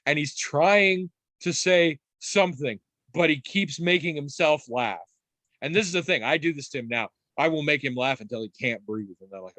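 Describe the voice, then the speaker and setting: An adult man on a podcast in casual chat, telling stories in a rambling, animated way with restarts and the odd swear. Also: on the high side, normal speed, dry recording. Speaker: podcast co-host.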